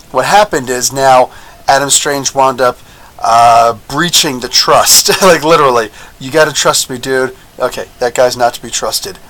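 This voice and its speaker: A man giving a casual, chatty review of a TV episode, excitable, with lots of fillers and frequent laughs. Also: medium pitch, low-quality recording. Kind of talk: casual video review commentary.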